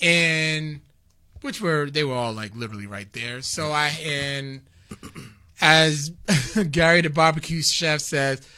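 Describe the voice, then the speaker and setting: Speaking slowly in a slightly high voice, this man is a guest on a podcast telling stories from a convention. He's lively and laughs a lot, performing other people's lines as he relays them in relaxed conversation.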